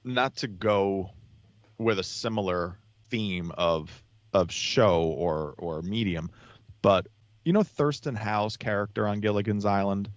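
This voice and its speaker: A man with a very deep voice talks loosely as a podcast guest, restarting his sentences again and again. The recording is dull and lo-fi, dry with no room sound. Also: unhurried, no room sound. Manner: rambling, many restarts and fillers. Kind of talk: casual podcast chat.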